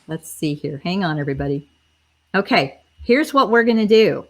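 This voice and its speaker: A woman's voice: fairly low pitch, expressive, normal speed. A woman hosts a livestream on a video call. She chats with viewers in an upbeat way, and her voice cracks and tires. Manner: chatty, upbeat, talks to viewers directly. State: voice cracking and tiring. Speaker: host. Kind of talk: casual livestream chat.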